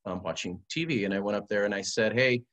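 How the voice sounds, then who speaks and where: A man sharing a personal testimony as a guest, in an animated, conversational way with frequent restarts. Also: lowish voice, fast. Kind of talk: casual testimony storytelling.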